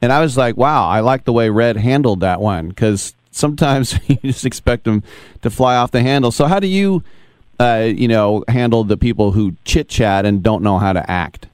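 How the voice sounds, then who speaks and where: A man's voice: mid-range voice, normal speed, a little mellow, clear, resonant tone, no echo. A man hosting an interview, easygoing as he asks questions and retells anecdotes. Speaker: podcast host. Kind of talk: casual interview talk.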